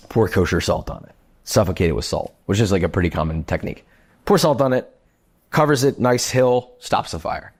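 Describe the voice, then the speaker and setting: A chef telling a kitchen story in casual, animated talk, swearing freely and using lots of fillers. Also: male voice, lowish voice, fairly quick, husky.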